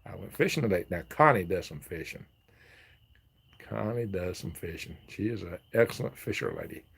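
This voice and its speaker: A man's voice: low voice, very animated, normal speed, creaky, a bit bright, husky. A man hosting a casual live stream, reading viewer comments aloud, chatting and laughing often. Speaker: livestream host reading chat.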